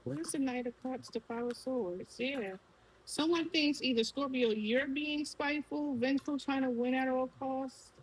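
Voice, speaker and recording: A woman's voice: high voice, normal speed, slight background noise, low-quality recording. Brooklyn woman reading tarot cards aloud. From Brooklyn, New York. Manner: talks to the viewer directly, asks the cards questions aloud. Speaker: tarot reader.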